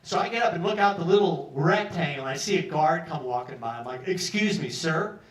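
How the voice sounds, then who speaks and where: A man's voice: fairly high pitch, quick pace. A man telling a stand-up story in a pub, acting out other people's lines in put-on voices. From New York. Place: pub stage with live audience. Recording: echoey room from far off.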